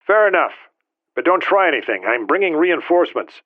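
A man's voice: fairly high pitch, big pitch swings, brisk, pitched above the performer's own voice. A man doing a brash billionaire on the phone. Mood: blunt. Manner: blunt, distrustful. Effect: telephone filter. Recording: tinny phone line.

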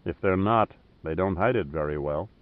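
A man's voice: deep voice, normal speed, no echo, pitched below the performer's own voice, natural voice. A man reading a tough male adventurer who talks with dry, understated humor. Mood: wry. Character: wry, tough male adventurer, wounded and laconic. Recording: narrow phone-like sound.

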